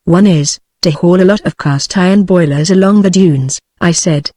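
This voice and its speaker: A synthetic British English woman's voice narrating an old novel as an audiobook, with an even, steady delivery. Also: lowish voice, moderate pace, hardly any pauses, no room sound.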